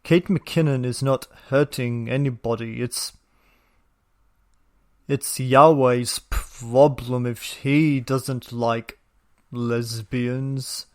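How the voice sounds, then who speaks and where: A man's voice: medium pitch, fairly even intonation, drawn-out words. A man hosting a reaction video, talking with mocking sarcasm. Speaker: commentary video host.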